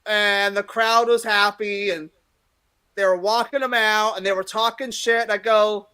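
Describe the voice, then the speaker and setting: A woman's voice: mid-range voice, fairly even intonation, measured pace, clear, resonant tone. A woman comedian in her fifties, a guest telling stories in a brash, profane way and acting out what people said. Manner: brash, profane, acts out quotes loudly. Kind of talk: casual interview storytelling.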